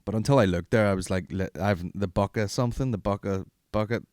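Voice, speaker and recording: A man's voice: on the low side, fast, darkish tone, dry recording, studio quality. A man, hosting a podcast in rambling, profane, jokey casual chat. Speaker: podcast host.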